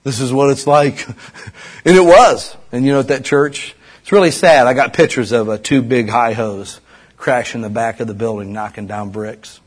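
A middle-aged man from Ohio preaching a sermon as pastor, swinging from loud urging to hushed asides. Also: medium pitch, moderate pace, slightly rough.

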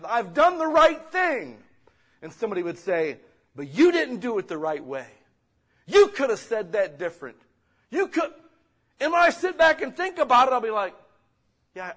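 A middle-aged man preaches a sermon as the pastor, his voice sitting a little high. He talks to the congregation like friends, dropping to quiet asides and then climbing into loud, urgent exhortation.

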